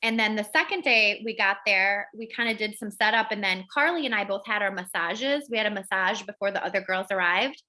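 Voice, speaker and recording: A woman's voice: mid-range voice, fairly quick, few pauses, bright, forceful tone. A woman hosting a wellness group over a video call, telling a rambling story with many fillers. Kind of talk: casual chat on a video call.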